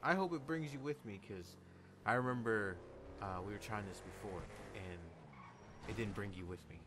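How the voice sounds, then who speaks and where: A young man giving casual, excitable commentary over his own gameplay, swearing and bursting into loud outbursts. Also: fairly low pitch, normal speed, background noise. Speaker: gameplay video host.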